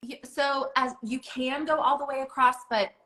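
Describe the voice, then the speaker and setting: A woman's voice: sits high, fairly even intonation, normal speed, bright, forceful tone, rough recording. Woman walking someone through eye makeup step by step, encouraging, lots of "like" and "you know". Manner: encouraging, hands-on coaching with filler words. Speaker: makeup instructor. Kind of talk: instructional makeup tutorial.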